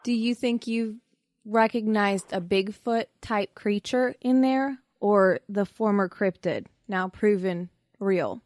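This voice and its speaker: A woman's voice: medium pitch, slow, a little mellow, no echo, studio quality. A woman hosting a podcast, playfully quizzing a guest and spelling out names letter by letter. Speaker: podcast host. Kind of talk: quiz game in casual podcast chat.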